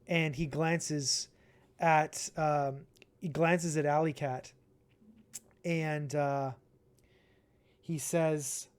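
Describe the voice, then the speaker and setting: A man's voice: on the high side, steady tone, smooth. A man playing a tabletop game, describing his character hesitantly. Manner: hesitant, slow. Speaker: player.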